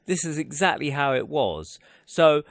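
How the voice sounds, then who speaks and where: A man's voice: fairly high pitch, animated, measured pace, creaky, no echo, clean studio sound. A man hosting a radio talk show, rambling and hesitant with many restarts. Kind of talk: casual radio chat. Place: radio studio.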